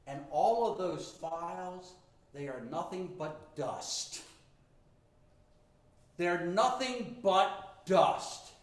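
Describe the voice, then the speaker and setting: A man voicing a calm, assured defender. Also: sits high, drawn-out words, long pauses, full character voice. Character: calm male Jesus as defense counsel. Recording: echoey room.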